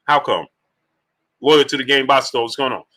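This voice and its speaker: Bright-voiced man hosting a boxing livestream. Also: medium pitch, normal speed. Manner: animated, shouts out viewer names between opinions. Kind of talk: casual live stream chat, reading super chats.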